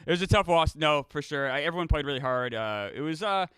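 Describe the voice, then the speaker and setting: A man with a high, bright voice that swoops up and down as he talks. He co-hosts a casual sports podcast, retelling a story with quick restarts. The sound is dry and close. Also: clear, resonant tone, dry recording. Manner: animated storytelling with frequent restarts. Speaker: podcast co-host. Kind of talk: casual chat.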